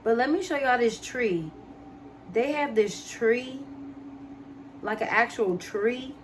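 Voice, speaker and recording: A woman's voice: on the high side, takes it slowly, slight background noise. A young American woman with a DMV accent chatting casually on a live stream, reading and answering viewers' comments as she talks. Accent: DMV (Washington, D.C. area) American. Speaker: livestreamer.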